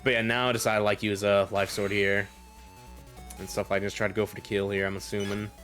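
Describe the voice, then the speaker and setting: A man's voice: lowish voice, level tone, a little fast, a bit bright. A man casually talking over his own recorded gameplay as a streamer, rambling, laughing often and padding his sentences with filler. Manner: rambling, laughs often, repeats "a little bit". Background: faint game music.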